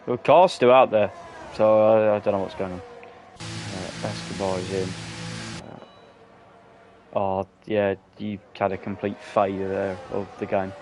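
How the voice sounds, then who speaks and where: A man's voice: sits low, fairly even intonation, a little slow, pauses often, over music. Laid-back hesitant co-commentator, man. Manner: casual, hesitant, lots of fillers and restarts. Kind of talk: live esports race commentary. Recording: game engine noise behind. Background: racing car engine noise.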